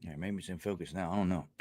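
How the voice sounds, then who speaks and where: A man's voice: low voice, a little fast, darkish tone. A man hosting a live chat with viewers, talking bluntly with lots of swearing, fillers and restarts, and growing indignant. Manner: indignant, rising into outrage. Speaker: livestream host.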